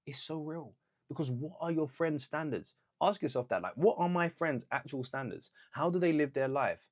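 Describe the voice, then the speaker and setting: A man's voice: a little high, normal speed. A young man giving an earnest, conversational motivational talk, now and then acting out what others said to him. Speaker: vlogger.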